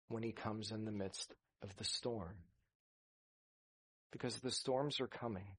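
Earnest male preacher giving a sermon. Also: mid-range voice. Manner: earnest preaching, rising to emphasis, acting out scripture dialogue. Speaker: pastor.

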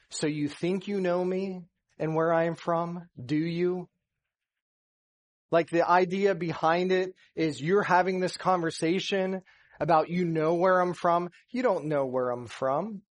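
Male pastor, sermon, slightly high-pitched, earnest, grows emphatic, church setting.

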